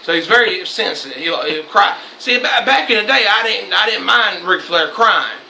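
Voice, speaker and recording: Young man, host, casual chat, sharp bright tone, roomy echo. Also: high-pitched, expressive, normal speed, gravelly, slight background noise. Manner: loose, swearing, laughs often. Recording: echoey room.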